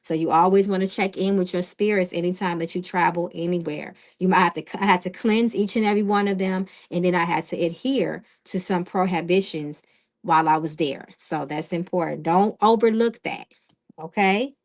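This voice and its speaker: A woman's voice: on the low side, steady tone, a little fast. A woman hosting a live-stream tarot reading who talks in a direct, casual way. She often checks in with "okay?" and greets viewers in the chat.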